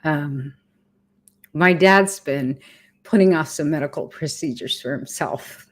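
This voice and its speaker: A woman's voice: deep voice, takes it slowly. A middle-aged woman giving a candid personal update in a vlog from home, frank and emotional, with casual swearing. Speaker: vlogger sharing a cancer journey.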